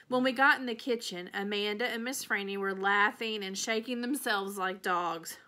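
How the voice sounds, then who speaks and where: Bright-voiced teacher reading aloud. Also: female voice, medium pitch, normal speed, few pauses. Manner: expressive storytelling, changing voices for characters. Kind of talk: reading a children's novel aloud.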